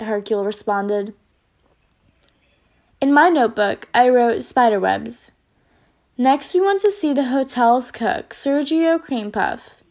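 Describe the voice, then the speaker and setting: Female storyteller for kids, high-pitched, expressive delivery. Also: takes it slowly, long pauses. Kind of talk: children's story reading.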